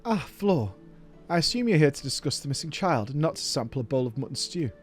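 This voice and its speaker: A man's voice: fairly high pitch, sing-song, brisk, soft background music. A man reading aloud the formal lines of a quest-giving game character in his own voice.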